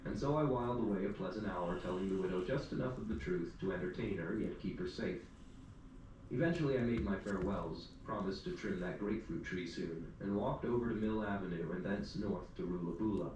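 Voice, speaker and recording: A man's voice: low-pitched, brisk, a little mellow. A man narrating a first-person story in a dry, wry storytelling manner. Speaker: audiobook narrator. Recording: echoey room, distant mic, faint hum.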